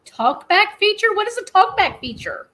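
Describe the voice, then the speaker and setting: A middle-aged woman hosts a casual live stream, chatting away and telling rambling stories punctuated by frequent laughter. Her voice is extremely high and sing-song, with a sharp edge, delivered at a moderate pace. The recording is rough.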